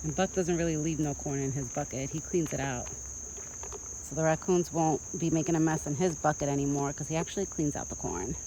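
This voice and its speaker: A woman's voice: deep voice, brisk, dark tone, slight background noise, rough recording. A young woman vlogging casually outdoors at a rural feeding spot, filming on a handheld phone. She chats in a rambling way and goes sing-song when she talks to the deer. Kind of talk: casual vlog chat. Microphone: phone held in hand.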